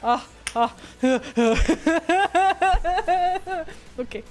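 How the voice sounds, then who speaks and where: Excitable high-voiced young woman streamer. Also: drawn-out words, faint music behind. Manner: excitable, swearing, laughing. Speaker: watch party streamer. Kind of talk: casual reactive co-streaming. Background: match broadcast audio.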